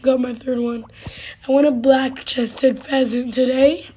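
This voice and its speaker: A woman with a hoarse voice hosting casual gameplay commentary, halting and full of fillers, now and then dropping to a whisper. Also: sits high, level tone, mellow. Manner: halting, with many fillers and sudden drops to a whisper. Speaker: gaming channel host.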